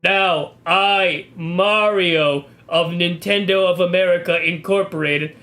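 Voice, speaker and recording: A man voicing a cursed, menacing video game plumber who speaks softly and taunts. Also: high voice, fairly even intonation, takes it slowly, voice pushed down, full character voice. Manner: soft, sinister, mock-menacing with taunting laughs.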